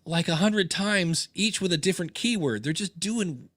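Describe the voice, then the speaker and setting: A man's voice: sits high, animated, normal speed, fairly bright tone, no room sound. Chatty man co-hosting a podcast, dry mic. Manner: rambling, joking asides, many restarts. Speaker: podcast co-host. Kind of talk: casual chat.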